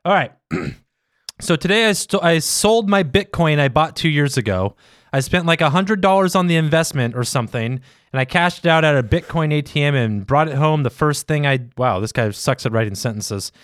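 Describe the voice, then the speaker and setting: A man reads listener stories aloud on a comedy podcast, swearing freely and breaking into laughs. His voice is smooth and clear, sitting a bit high for a man. The sound is dry and close to the mic. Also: lively intonation, normal speed, fairly bright tone, no echo. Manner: profane, laughing, hams up read-out stories. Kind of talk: casual comedic chat.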